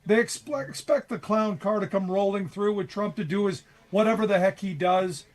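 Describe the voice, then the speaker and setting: High-voiced sarcastic male radio host. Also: normal speed, darkish tone. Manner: sarcastic, passionate political commentary. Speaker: radio talk show host guest. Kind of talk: casual talk radio.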